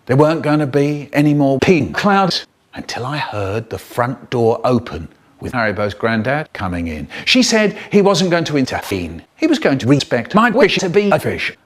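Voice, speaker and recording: A man telling comic stories, animated and playful, with exaggerated swoops in his voice. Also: mid-range voice, normal speed. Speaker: children's storyteller. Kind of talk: comic storytelling, spliced edit.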